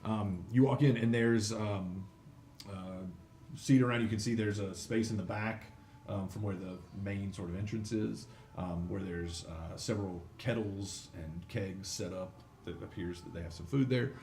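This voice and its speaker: A man's voice: lowish voice, measured pace, darkish tone. A man narrating a tabletop game as game master, rambling with many fillers. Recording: echoey room, some noise.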